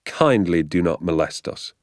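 A calm, amused father with a knowing, easygoing way of talking, as a male narrator voices him. His voice stays deep and low, recorded close and dry like a storybook reading. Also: measured pace, no room sound. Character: easygoing, playful father, a poacher. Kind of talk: audiobook character voice.

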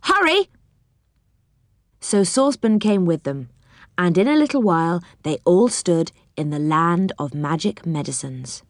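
A woman narrating a children's storybook in a clear, steady, gentle voice. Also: lowish voice, moderate pace, no room sound, clean studio sound. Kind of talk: reading a children's storybook aloud.

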